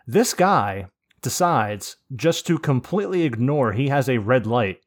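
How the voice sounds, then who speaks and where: A man's voice: medium pitch, lively intonation, measured pace. A man hosting a podcast in casual chat, telling rambling stories with swearing and laughs. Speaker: podcast host.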